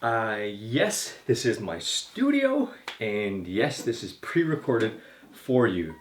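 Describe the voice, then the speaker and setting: A man's voice: on the low side, very animated, slow pace, reverberant. A male pastor telling a sermon story in vivid, scene-painting detail, recorded in his home studio.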